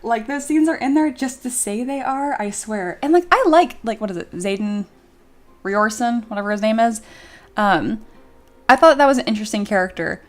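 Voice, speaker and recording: A woman streamer chatting casually during a livestream and reading viewer comments aloud, animated and full of filler words, often giggling. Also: a little high, moderate pace. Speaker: streamer and miniature sculptor.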